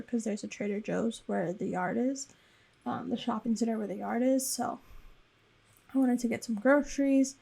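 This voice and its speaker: Creaky-voiced young woman vlogger. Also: a little high, moderate pace, warm tone. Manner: rambling and chatty, with frequent fillers. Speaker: planner vlogger. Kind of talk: casual voice-over recap.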